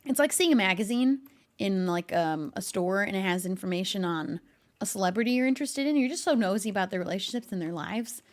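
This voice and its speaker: A woman's voice: medium pitch, lively intonation, fairly quick. A woman streamer chatting casually with her live viewers, laughing often and talking to her cat between thoughts.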